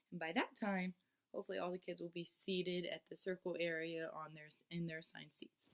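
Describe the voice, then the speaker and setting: A woman's voice: lowish voice, a little fast. A woman who teaches young children, walking step by step through a lesson plan with some ums and restarts. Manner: steady, step-by-step explaining with frequent ums and restarts; shifts into a bright, singsong teacher voice when quoting herself to children. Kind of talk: explaining a lesson plan to camera.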